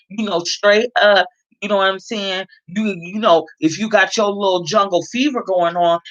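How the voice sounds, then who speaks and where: A woman's voice: mid-range voice, normal speed, fairly bright tone, muffled recording. A woman from California giving a blunt, heavily profane commentary rant and repeating her points for emphasis. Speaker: vlogger.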